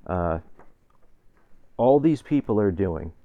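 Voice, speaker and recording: A man in his forties tells an angry story in a fired-up, ranting way. His voice sits fairly low and sounds close and dry, with little room around it. He laughs as he goes and swears casually. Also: animated, slow, dry recording, narrow, tinny audio. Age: 40s. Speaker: vlogger.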